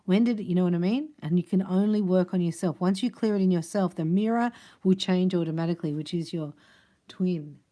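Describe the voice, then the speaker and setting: A woman's voice: lowish voice, brisk, dark tone. A woman giving a chatty, playful tarot reading, laughing often and sometimes dropping to a near whisper. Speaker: tarot card reader. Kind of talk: casual tarot reading monologue.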